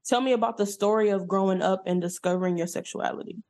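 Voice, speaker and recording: A woman's voice: mid-range voice, fast, mellow. A woman hosting an interview podcast, upbeat and informal, greeting listeners as y'all. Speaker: podcast host.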